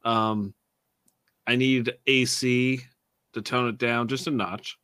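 A man's voice: medium pitch, steady tone, slow, a bit bright, clear, resonant tone, no room sound. A man co-hosting a casual chat, blunt and wry with dry jokes. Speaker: podcast co-host.

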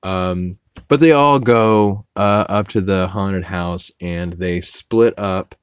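A man hosting a podcast, loosely recapping a cartoon episode with fillers and swearing, acting out characters' lines in higher voices. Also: slow, clear, resonant tone, dry recording. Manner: rambling, loose, with profanity and frequent fillers. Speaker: podcast host.

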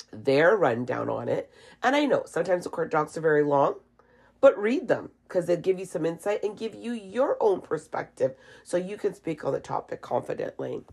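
A woman's voice: lowish voice, sing-song, normal speed, vocal fry, a little mellow, slightly rough. A woman with a cough doing a casual, blunt, opinionated monologue at home, swearing freely. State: has a cough. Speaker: vlogger.

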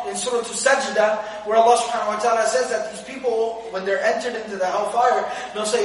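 A man giving a Quran commentary lecture, animated, acting out the voices of the people in the verses. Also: high voice. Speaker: Islamic teacher. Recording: echoey hall, speaker far from mic.

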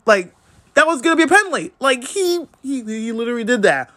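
Excitable high-voiced man recapping a game. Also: moderate pace, dry recording. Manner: excitable, swears freely, big swings in pitch. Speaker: sports fan vlogger.

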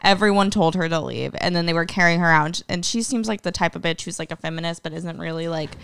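A woman's voice: lowish voice, fairly even intonation, fast, vocal fry, fairly bright tone, clear, resonant tone, dry recording. A young woman, a comedian chatting casually on a podcast, blunt and profane, laughing often. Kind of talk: casual chat.

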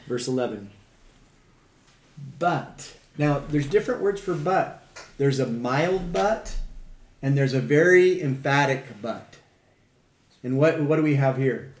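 A man's voice: mid-range voice, measured pace. A man teaching a conversational Bible study, reading verses aloud and asking the group questions with emphasis. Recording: echoey room with faint background hum.

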